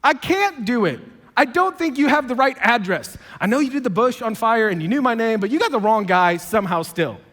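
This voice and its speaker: A reluctant old shepherd, as a preacher puts him on, pushing back in loose, slangy talk. The voice sits high for a man, and a long hall reverb trails behind it. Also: big pitch swings, brisk, fairly bright tone, heavily acted. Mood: protesting. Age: older. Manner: casual, slangy, incredulous. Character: old male shepherd, reluctant and plain-talking.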